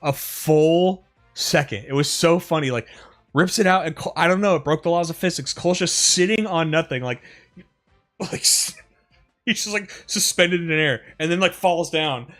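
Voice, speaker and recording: A man's voice: fairly high pitch, normal speed, soft background music. Rambling, profane male streamer. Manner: rambling, profane, animated retelling with frequent fillers. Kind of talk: casual storytelling over gameplay.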